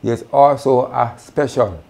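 A man's voice: mid-range voice, takes it slowly, creaky, warm tone. A man presenting at an online farming session, speaking earnestly and directly to farmers. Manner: earnest, addresses farmers directly, self-corrects. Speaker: agronomy presenter.

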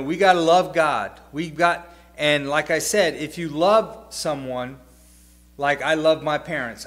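A man teaching an adult Sunday school class, speaking haltingly with frequent fillers. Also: fairly high pitch, a bit bright. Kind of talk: Bible lesson teaching. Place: church classroom.

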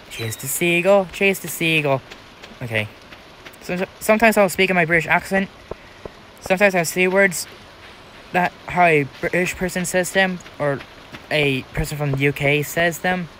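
A man's voice: high voice, moderate pace, long pauses, pushed and bright, slight background noise, rough recording. A young American man giving rambling, casual commentary while playing a farming game, talking to himself with many restarts. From United States. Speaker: gaming channel host.

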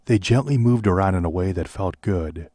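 Deep-voiced man, deadpan parody audiobook reading, close dry mic. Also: moderate pace, dry recording. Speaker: narrator.

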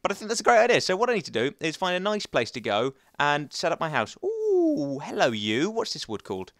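A man's voice: a little high, huge pitch swings, brisk, fairly bright tone, dry recording. A young man giving chatty, rambling commentary while playing a survival game, talking to the viewers and to the animals. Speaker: gaming YouTuber.

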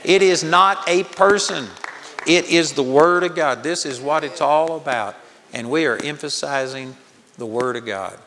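A man's voice: a little high, a little slow, bright, forceful tone, in a large hall, a little hiss or hum. An older man preaching a sermon at a Bible college, telling stories in an earnest manner. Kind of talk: sermon teaching. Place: large hall with audience.

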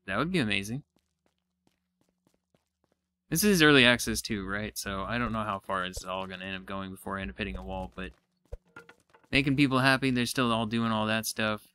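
A man giving casual let's-play commentary, excitable and thinking aloud as he explores, now and then poking fun at himself. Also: on the low side, fairly quick, pauses often, a little hiss or hum. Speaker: gaming YouTuber.

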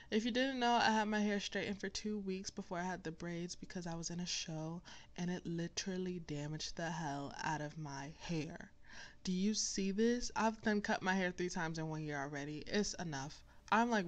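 Casual young woman vlogger, a little low-pitched, talks straight to camera. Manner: chatty, talks straight to viewers. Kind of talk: casual hair-care tutorial.

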